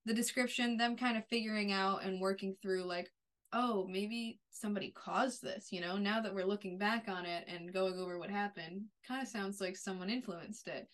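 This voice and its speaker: A woman co-hosting a podcast, chatting casually about a TV episode in a relaxed, agreeable way with lots of fillers. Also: mid-range voice, normal speed. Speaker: podcast co-host. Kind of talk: casual TV recap chat.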